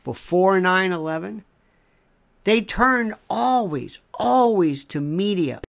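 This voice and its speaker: A gravelly voice delivers a slow, deliberate monologue. The pitch swings widely as the speaker stacks phrase upon phrase for emphasis, like a commentator hammering home a point. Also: lively intonation. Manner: emphatic, piles up repeated phrases in lists.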